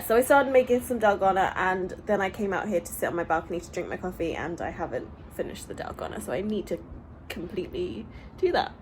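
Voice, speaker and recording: Chatty young British woman, lively. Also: mid-range voice, slight background noise, low-quality recording. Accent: British English. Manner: chatty, rambling storyteller with frequent fillers. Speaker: vlogger. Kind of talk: casual chat vlog. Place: home, on a balcony.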